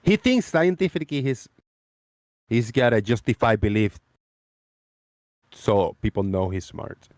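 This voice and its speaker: A man's voice: medium pitch, big pitch swings, measured pace, pauses often, darkish tone, no room sound, studio quality. A man hosting a live-stream debate chat, rambling and repeating his phrases. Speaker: host.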